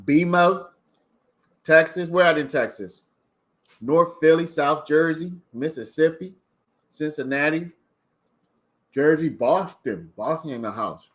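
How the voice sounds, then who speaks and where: A man's voice: fairly high pitch, a little slow, long pauses. Chatty man hosting a livestream. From Maryland. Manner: chatty, reading viewer comments aloud. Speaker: livestream host. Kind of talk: casual livestream chat.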